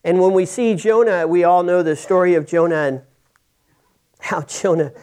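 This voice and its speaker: Man, high voice, sermon, chatty storytelling, restarts, voices the characters. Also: fairly quick, darkish tone, clear, resonant tone. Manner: conversational storytelling with many restarts, acting out characters' lines. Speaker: preacher.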